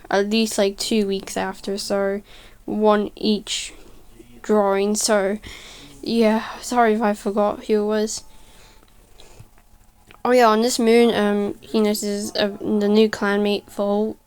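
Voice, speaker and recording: Slow, halting woman with a smooth voice. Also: mid-range voice, little pitch movement, a little mellow. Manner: halting, stuttering, often correcting herself. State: tired. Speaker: video creator narrating a speedpaint. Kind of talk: casual voice-over storytelling.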